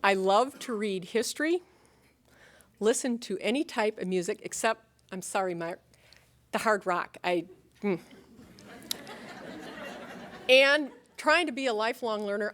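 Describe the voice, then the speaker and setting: Midwest-accented woman college president giving a speech, earnest and rallying, mid-pitched voice, some jokes thrown in. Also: lively intonation, moderate pace, a bit bright, slight background noise. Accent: Upper Midwest American. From Upper Midwest of the United States. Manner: earnest, rallying, with rhetorical questions and light humor. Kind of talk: convocation address.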